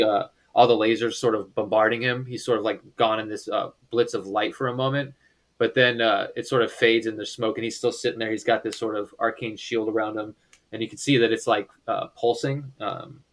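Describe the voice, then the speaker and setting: A man's voice: fairly low pitch, fairly bright tone, rough recording. A man narrating as game master, describing scenes in a loose, rambling way with many fillers.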